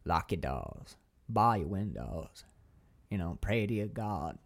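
A man imitating a cryptic, creepy male stranger in a low, slow Maine-tinged drawl. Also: very animated, gravelly, heavily acted. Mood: ominous.

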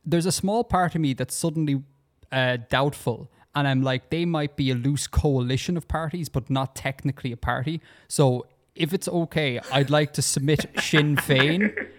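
A man's voice: a little high, moderate pace. A man from Ireland chatting on a casual podcast quiz, joking and hedging his answers. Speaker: podcast co-host, quiz player.

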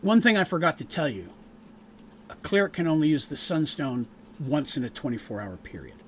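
A man runs a tabletop game as game master, narrating the action in a casual way with ums and asides. He breaks off to explain the rules. His voice is a little high, with a faint hiss in the background. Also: big pitch swings, moderate pace.

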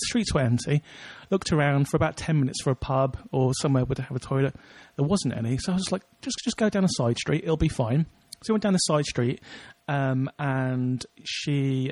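A young man with a fairly high voice and darkish tone, recorded dry, co-hosts a podcast. He chats casually and tells rambling anecdotes, laughing often.

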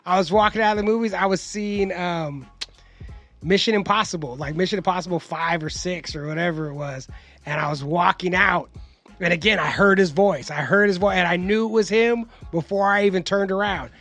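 A podcast host telling rambling, profane stories in casual chat. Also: male voice, sits high, a little fast, a bit bright, no room sound, faint music behind.

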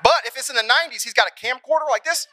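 A young adult man preaching a sermon in an animated, conversational way, acting out little scenes along the way. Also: very high voice, racing, background noise. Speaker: pastor.

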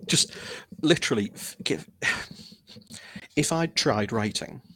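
A man's voice: medium pitch, animated, slow pace, bright, forceful tone. A man, speaking as an author guest in a casual interview, candid and self-deprecating as he tells his story.

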